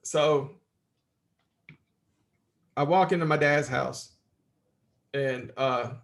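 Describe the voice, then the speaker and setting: Male podcast guest, raspy edge, rambling storyteller. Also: medium pitch, drawn-out words. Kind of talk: casual interview storytelling.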